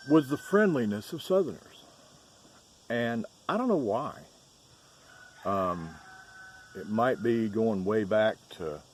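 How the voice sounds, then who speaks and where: Outdoors on his rural farm, a middle-aged man from the Southern United States chats and tells stories in a folksy Southern Georgia accent. This farm vlogger's voice is low-pitched with a darkish tone, and the recording carries a little hiss or hum.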